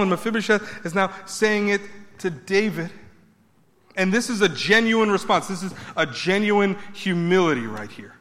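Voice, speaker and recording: A man preaching a sermon, building emphatic repeated points and then dropping his voice low. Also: lively intonation, moderate pace, a bit bright, big-room sound. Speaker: pastor.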